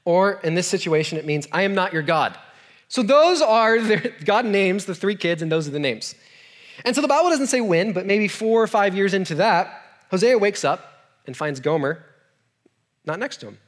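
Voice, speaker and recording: A youth pastor delivers a sermon like a conversation, telling stories and tossing questions to his audience. His voice is high with lively intonation at a normal speed, and he sprinkles in joking asides and self-deprecating humor.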